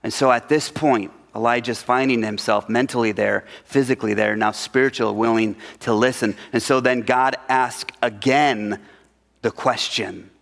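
A middle-aged man preaches, his gravelly voice carrying a long reverb through the hall. He pushes hard on some lines, then falls to a near whisper to draw the room in. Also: mid-range voice, steady tone, moderate pace. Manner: swings from loud emphatic lines to hushed whispers. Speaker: pastor. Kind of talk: sermon.

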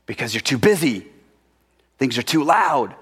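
A middle-aged male pastor preaching a sermon, swinging between loud emphatic lines and hushed whispers. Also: medium pitch, big pitch swings, unhurried, slightly rough. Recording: reverberant hall.

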